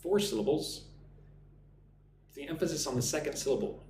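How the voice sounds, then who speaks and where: Lively English teacher man, echoey room. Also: fairly high pitch, a little hiss or hum. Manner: reads viewer comments aloud, slow drilled pronunciation. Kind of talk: live-stream English lesson.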